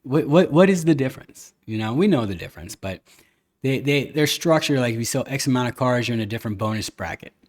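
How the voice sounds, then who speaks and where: This is a man hosting a relaxed podcast conversation. He talks at a middling pitch and tells stories with lively energy, slipping into quick put-on voices whenever he quotes salespeople or friends. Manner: animated storytelling, acting out quoted people. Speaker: podcast host. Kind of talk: casual chat.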